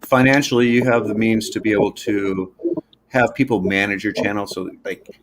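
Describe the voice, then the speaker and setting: Gravelly man rambling on a noisy stream. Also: lowish voice, fairly even intonation. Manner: rambling, halting, talks to himself while clicking around. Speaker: live stream host. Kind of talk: casual live stream chat. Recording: noisy home stream audio.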